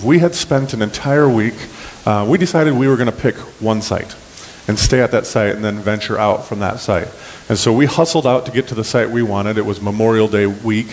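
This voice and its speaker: A man preaching a sermon in a relaxed, folksy, storytelling manner, with plenty of ums and restarts. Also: lowish voice, in a large hall, slight background noise. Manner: folksy, conversational, many fillers and restarts. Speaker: pastor. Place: church sanctuary.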